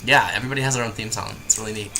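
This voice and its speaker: Lowish-voiced young man, rambling casually. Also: steady tone, rapid-fire, gravelly, crowd noise. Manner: rambling, hesitant, many restarts. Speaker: co-host. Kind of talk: casual gameplay commentary.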